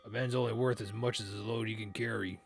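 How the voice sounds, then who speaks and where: A man voicing a blunt young male biker gang leader in a video game, rough-spoken and gruff. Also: on the low side, steady tone, fast talker, over music. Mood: tough, scolding.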